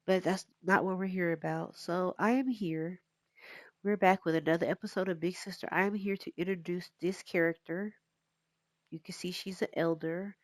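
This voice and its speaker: A woman's voice: lowish voice, moderate pace, long pauses, dry recording. A woman with a stuffy nose, chatting casually and rambling a little as she introduces her gameplay. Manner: rambling, relaxed, with fillers. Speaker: gaming YouTuber.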